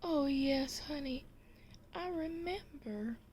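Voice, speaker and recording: Woman putting on a tender wife voice, high and soft, slow. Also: a little hiss or hum. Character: sweet sentimental middle-aged wife.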